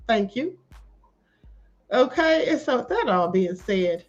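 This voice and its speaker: A woman hosting a live stream, reading viewer comments and commenting in a sassy, animated way, calling people beloved and honey. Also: a little high, slow pace, long pauses, dull audio, soft background music.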